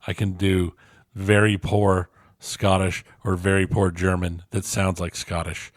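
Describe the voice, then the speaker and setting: A man's voice: low-pitched, flat delivery, a little slow, no room sound. A man co-hosting a gaming podcast, chatting with dry self-deprecating humor and reading a listener's review aloud. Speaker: podcast co-host.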